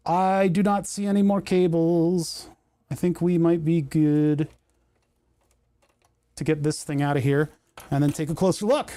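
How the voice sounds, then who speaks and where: A man's voice: on the high side, steady tone, unhurried, long pauses, warm tone, dry recording. Rambling man tinkering on a livestream. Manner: rambling, self-deprecating, thinks aloud. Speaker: livestream host. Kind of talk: casual livestream chat while repairing.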